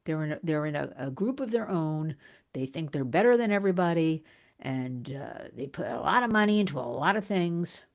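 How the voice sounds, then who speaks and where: A middle-aged woman from the United States hosting an advocacy livestream, talking urgently and earnestly to viewers, often restarting and swinging up in pitch. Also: animated, normal speed, gravelly. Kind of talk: impassioned livestream address to viewers.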